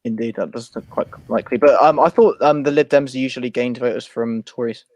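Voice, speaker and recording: Young guy hosting a stream, talks super fast, lots of ums, joking around. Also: mid-range voice, steady tone, darkish tone. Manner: quick, jokey, filler-heavy. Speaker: stream host. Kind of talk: casual livestream banter.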